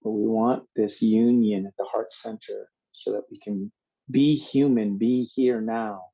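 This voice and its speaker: Calm man guiding a yoga class. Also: lowish voice, vocal fry, breathy edge, highs cut off. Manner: calm, slow, drawn-out cues. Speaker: yoga instructor. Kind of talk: guided yoga instruction.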